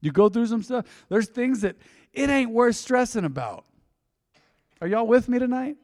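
Animated preacher in a reverberant hall. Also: male voice, extremely high pitch, normal speed. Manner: animated, swings between loud emphasis and quiet intensity; folksy, addresses the congregation directly. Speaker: pastor. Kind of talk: sermon.

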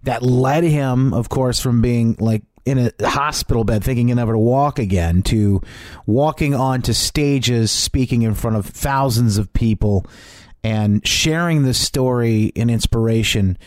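A man's voice: mid-range voice, measured pace, a little mellow, dry recording, studio quality. A man hosting a radio interview show, folksy and laughing along as he plays devil's advocate.

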